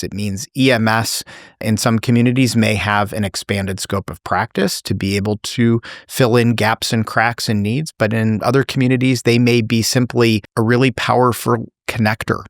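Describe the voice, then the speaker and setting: A man, an executive guest on a podcast, answering in a measured, articulate way and building lists of points. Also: on the low side, steady tone, no room sound, clean studio sound. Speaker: healthcare company executive, guest. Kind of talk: interview answers.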